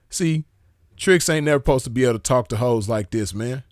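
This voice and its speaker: A man's voice: medium pitch, a little fast, no room sound, studio quality. A man giving casual commentary, laid-back and slangy, often checking in with the listener. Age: adult with a child. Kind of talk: casual commentary reading messages aloud.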